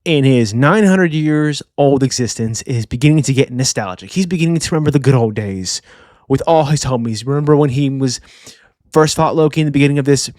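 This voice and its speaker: A young man hosting a casual manga review channel, animated and slangy, doing voices for characters. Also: medium pitch, a little fast, no echo, clean studio sound. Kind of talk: casual video commentary.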